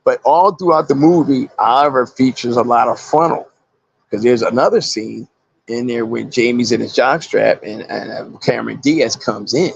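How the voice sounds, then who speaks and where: A man and actor, a guest in an interview, telling animated stories and acting out the voices of people he quotes. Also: mid-range voice, normal speed, creaky, slightly rough, dull audio. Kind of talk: casual interview storytelling.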